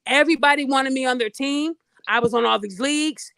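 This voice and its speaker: A woman's voice: sits high, fairly quick, gravelly, a bit bright, no room sound. A woman hosting a podcast, telling a personal story in a blunt, profane, casual way and addressing her listeners directly. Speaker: podcast host.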